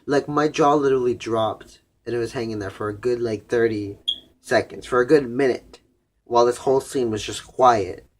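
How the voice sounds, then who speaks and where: A man's voice: medium pitch, moderate pace, a little hiss or hum. A young man casually recapping an anime episode, rambling with lots of "like" and frequent swearing. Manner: rambling, profane, heavy use of "like". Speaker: anime reviewer.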